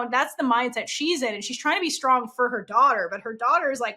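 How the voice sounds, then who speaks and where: A young woman co-hosts a podcast, talking casually with a high voice at a slightly quick pace. She's animated, uses plenty of fillers, and acts out the lines she quotes.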